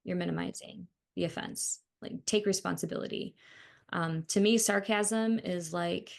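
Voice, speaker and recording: A woman's voice: on the low side, gravelly. A woman co-hosting a podcast who talks with clients as a counselor, giving blunt, opinionated views in casual chat.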